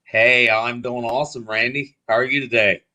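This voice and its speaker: Bright-voiced friendly male guest. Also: mid-range voice, steady tone, normal speed. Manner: friendly, easygoing. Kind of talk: casual chat.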